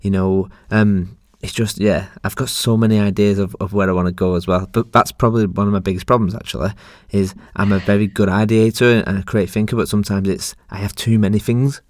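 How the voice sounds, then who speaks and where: A man's voice: fairly low pitch, fairly even intonation, brisk, hardly any pauses, no echo. A man hosting a podcast, talking in an earnest, reflective way in casual chat. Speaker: podcast host.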